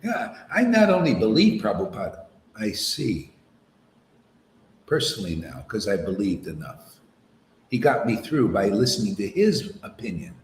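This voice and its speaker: A man preaches in a loose, conversational way, his pitch swinging widely as he argues. The room around him is echoey, with faint background noise. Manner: animated, mocks opponents in put-on voices. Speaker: spiritual teacher. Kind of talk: informal sermon.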